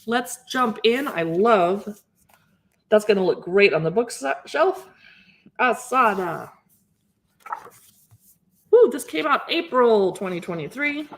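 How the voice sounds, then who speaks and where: A woman's voice: a little high, expressive, unhurried. A woman hosting a casual live stream, chatting enthusiastically as she flips through cookbooks and muses aloud over recipes. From Seattle area. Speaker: cookbook channel host.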